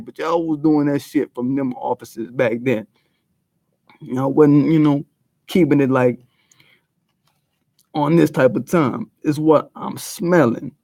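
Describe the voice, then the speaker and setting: A man's voice: mid-range voice, warm tone, no echo. A man giving a blunt, profane commentary rant full of street slang. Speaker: video commentator.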